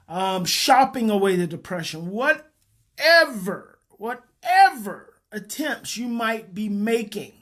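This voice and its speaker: A man, a parenting educator, leading a guided emotional exercise in a slow, repetitive coaching cadence. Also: sits high.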